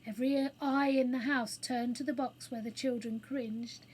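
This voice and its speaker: A woman reading a children's book aloud as storyteller, in a clear, expressive manner. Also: fairly high pitch, moderate pace, poor audio.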